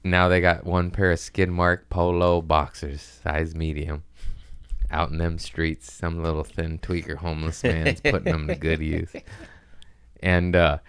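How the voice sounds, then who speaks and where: A low-voiced man in his thirties rambles through crude, comic family stories on his podcast and keeps dropping into quick put-on voices. His voice sits deep, and the studio sound is close and dry, with no room around it. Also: level tone, a bit bright, smooth, dry recording. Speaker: podcast host. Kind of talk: casual comedic chat. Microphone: studio podcast mic.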